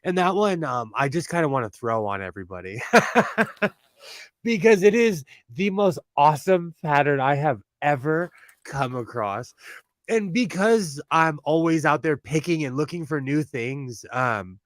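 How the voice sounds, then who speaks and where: A man's voice: a little high, lively intonation, measured pace, dry recording. Chatty Californian man with a youthful voice. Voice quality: youthful-sounding voice. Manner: chatty, laughs often, many fillers and restarts. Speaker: sewing livestream host. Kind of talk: casual livestream chat.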